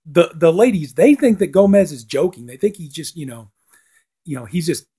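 Mellow man rambling through a review. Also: fairly high pitch, animated, normal speed, slightly rough. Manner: rambling, heavy on "you know" fillers; acts out lines with a lifted voice. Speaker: TV episode reviewer. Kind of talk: casual spoken review.

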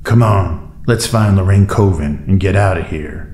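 A man voicing a steady, commanding male squad captain who speaks firmly and decisively. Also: low-pitched, moderate pace, slight background noise. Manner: firm, decisive. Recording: roomy echo, faint music bed.

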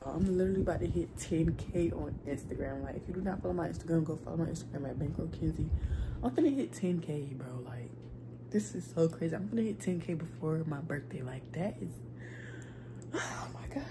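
A woman's voice: deep voice, brisk, gravelly. A woman in her twenties talking casually to her viewers in a chatty, slangy vlog, speaking into a phone camera. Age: 20s. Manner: chatty and slangy, addresses viewers as y'all and baby. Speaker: vlogger. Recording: noisy phone vlog audio.

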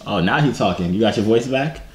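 A man's voice: lowish voice, animated, a little fast, echoey room, very noisy. A young man from Atlanta, a vlogger host teasing and prodding strangers in casual video-chat banter. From Atlanta, USA. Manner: playful, teasing, keeps pushing the question. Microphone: phone mic on a video-chat app.

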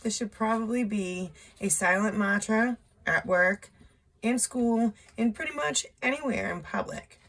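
A woman's voice: medium pitch, measured pace, a bit bright, breathy edge. A woman giving a casual tarot reading, chatty and loose, with profane asides. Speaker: tarot reader.

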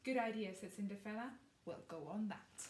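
A woman's voice: medium pitch, a little fast, darkish tone, reverberant, recorded from a distance, slight background noise, lightly acted. Cinderfella, put on by a woman, a cheerful young boy. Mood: eager.

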